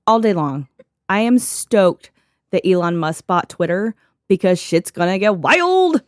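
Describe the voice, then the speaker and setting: A woman's voice: medium pitch, animated, slow, long pauses, no echo, studio quality. A young woman co-hosting a podcast in a casual, joking way, reading from notes and laughing often. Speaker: podcast co-host.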